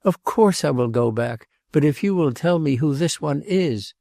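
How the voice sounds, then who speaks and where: Tormented jealous prince in a storybook, high-strung and pleading, dark gravelly tone, as a male reader does him. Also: normal speed, no room sound, studio quality. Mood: agitated. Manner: excited, pleading, repeats himself. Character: jealous agitated nobleman, tormented.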